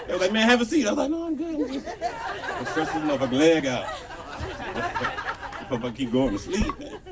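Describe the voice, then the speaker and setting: Crude stand-up comic before a laughing crowd. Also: male voice, medium pitch, recorded from a distance, heavy background noise. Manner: crude storytelling with voiced quotes, crowd work. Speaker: stand-up comedian. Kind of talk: stand-up comedy set. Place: outdoor patio comedy show.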